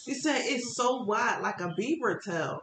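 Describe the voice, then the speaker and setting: A woman's voice: animated, measured pace. A woman talking bluntly and crudely in a casual podcast chat, joking and telling stories. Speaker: podcast guest. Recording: echoey room with faint rumble.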